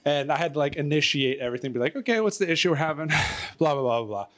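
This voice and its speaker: A man's voice: fairly high pitch, expressive, fairly bright tone. Winded, laughing man telling a story. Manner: rambling, laughing, halting fillers. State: out of breath. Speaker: storyteller guest. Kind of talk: casual chat.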